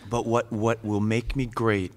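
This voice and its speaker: A man in his forties, a guest on a live podcast, telling a personal story with lively acted-out quotes and bursts of laughter. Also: fairly low pitch, measured pace.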